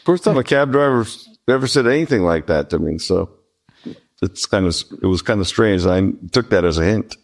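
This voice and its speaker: A man with a low, gravelly voice chats as an interview guest. He slips dry jokes into his answers. He speaks in a relaxed, offhand way. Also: normal speed. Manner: dry, joking asides. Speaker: guest guitarist. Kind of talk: casual interview chat.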